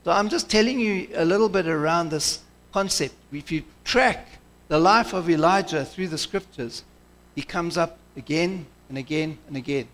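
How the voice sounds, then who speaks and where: High-voiced man preaching with fervor. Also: normal speed, a bit bright. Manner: passionate, conversational preaching with restarts. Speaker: pastor. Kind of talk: sermon.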